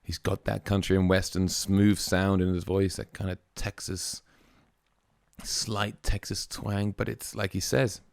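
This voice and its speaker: A man's voice: sits low, little pitch movement, measured pace, vocal fry, dry recording, clean studio sound. A man hosting a music reaction video, musing aloud in a casual, chatty way with plenty of fillers.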